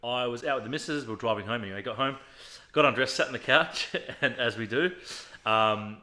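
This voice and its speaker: A man's voice: mid-range voice, bright, forceful tone. A young man, a podcast guest telling a personal story in casual, profane chat. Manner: swears freely, fast storytelling with acted quotes.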